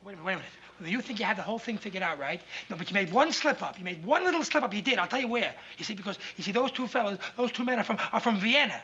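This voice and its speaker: An actor playing a nervous carpenter posing as a doctor in a 1960s sitcom, rambling and flustered. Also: male voice, high voice, lively intonation, sharp tone, slight background noise, exaggerated voice. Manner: flustered, rambling, quick self-corrections. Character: nervous male carpenter faking a doctor, fast-talking. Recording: dull 1960s TV audio, studio audience laughter.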